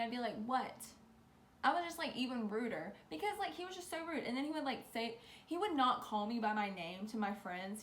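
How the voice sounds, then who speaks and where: A woman's voice: on the high side, slight background noise. Chatty young woman with a rambling storytime. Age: young adult. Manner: rambling, lots of "like", animated. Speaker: vlogger. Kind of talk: casual storytime. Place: bedroom. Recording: echoey room with faint ambience.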